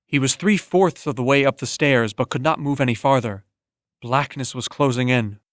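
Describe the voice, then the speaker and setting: A man narrating an audiobook in a steady, measured storytelling manner on a close studio mic. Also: medium pitch, no echo. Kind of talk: scripted narration.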